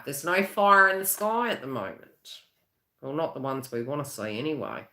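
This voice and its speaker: Woman, low-pitched, lively, bright, chatty, laughing, live reading, echoey room. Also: moderate pace. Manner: chatty, laughs often, rambling with restarts. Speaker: psychic reader hosting a live stream. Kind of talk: live-stream tarot and astrology reading.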